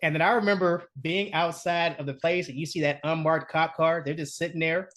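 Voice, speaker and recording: Male co-host, lively anecdote-teller, swears freely, laughs a lot. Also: on the high side, fairly quick. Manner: animated, profane, laughs often. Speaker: podcast co-host. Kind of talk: casual storytelling chat.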